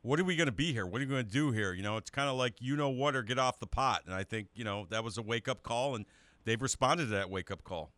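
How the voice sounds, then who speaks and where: A man's voice: mid-range voice, expressive, fast, fairly bright tone, dry recording. A man, co-hosting a radio show with wisecracking banter. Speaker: radio co-host.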